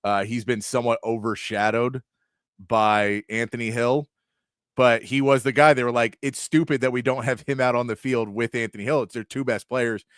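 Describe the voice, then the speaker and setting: Sports talk host reading off names. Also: male voice, medium pitch, fairly even intonation, normal speed, a bit bright, dry recording, studio quality. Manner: reads off long lists of names, stumbling on some.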